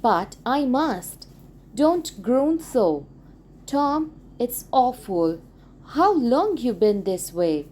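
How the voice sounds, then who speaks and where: An anxious young brother in a storybook pleads and fusses with urgency, as a woman reader puts him on. She lifts her voice higher for him and keeps it lively and worried. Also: very slow, full character voice.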